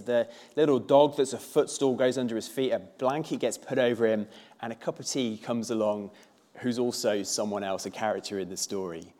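A man's voice: mid-range voice, dark tone. Man preaching a chatty sermon. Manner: conversational, with filler words and a few playful put-on voices. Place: church.

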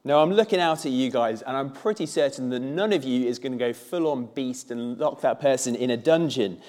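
A man's voice: medium pitch, brisk, darkish tone. Male preacher, conversational church sermon, mid-range voice. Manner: conversational, with filler words and a few playful put-on voices.

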